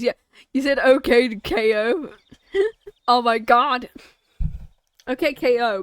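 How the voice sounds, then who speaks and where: A woman's voice: a little high, slow pace, long pauses, slight background noise. A woman streamer giving chatty, jokey let's-play commentary as she plays a game and voices its characters. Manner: chatty, jokey and self-mocking.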